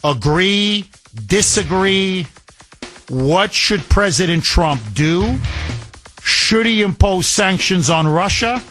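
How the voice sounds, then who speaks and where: A combative male talk radio host tears into his subject in an emphatic, scornful monologue. His voice sits high for a man and sounds bright and forceful. He is speaking into a studio microphone. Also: slow pace, soft background music.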